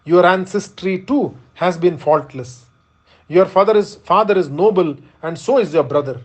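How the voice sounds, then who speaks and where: A man's voice: high voice, moderate pace. A man reading aloud as a young prince, grief-stricken and furious, speaking in bitter, accusing reproach. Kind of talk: read-aloud epic narration.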